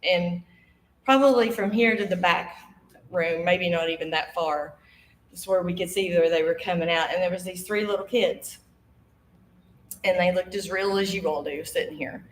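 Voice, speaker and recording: On a studio stage in an echoey room, a woman in her 50s tells a ghost story live to an audience, with a little hiss or hum in the recording. Her voice is on the low side at normal speed, and she laughs often as she lively acts out the voices.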